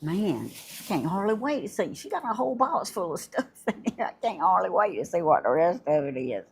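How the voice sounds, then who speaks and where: An older woman, hosting a casual livestream and chatting warmly and effusively with her viewers, laughing often. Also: on the low side, big pitch swings, brisk, vocal fry, husky. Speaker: livestream host. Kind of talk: casual live chat unboxing gifts.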